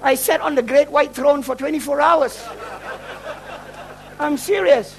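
A man's voice: very high-pitched, unhurried, rough recording. A middle-aged man from Malaysia, a traveling preacher telling a testimony in his sermon. He jokes and mocks himself. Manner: joking, self-mocking storyteller who laughs at his own lines.

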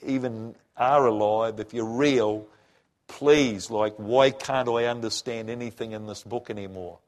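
Middle-aged guy telling his faith story, emotional, stops and restarts a lot, kinda low voice. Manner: emotional, halting, with many restarts. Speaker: former missionary and preacher. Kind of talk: personal testimony.

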